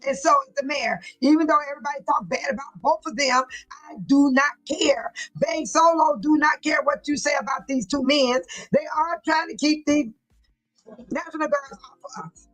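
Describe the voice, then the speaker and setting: A woman's voice: high-pitched, animated, normal speed, a bit bright, faint music behind, low-quality recording. A woman hosting a casual livestream, talking emphatically and preachily, repeating herself and laughing often as she reads viewer chat.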